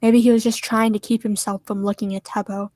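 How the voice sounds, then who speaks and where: A woman reading fan fiction aloud to friends on a stream, steady and soft in the sad parts. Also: mid-range voice, fairly quick, dry recording.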